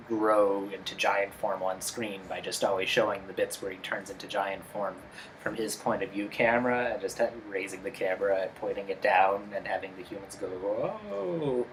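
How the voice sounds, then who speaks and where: A co-host in a casual review chat, explaining and criticizing with quick asides. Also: deep voice, slight background noise, low-quality recording. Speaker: podcast co-host.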